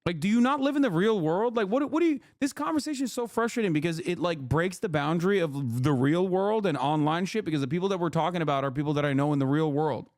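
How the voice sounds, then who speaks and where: A man hosting a livestream, his voice pitched a little above the usual male range. He lectures his chat in an exasperated, profane rant, and the sound is close and dry with no room echo. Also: fast, hardly any pauses, a little mellow. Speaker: livestream host.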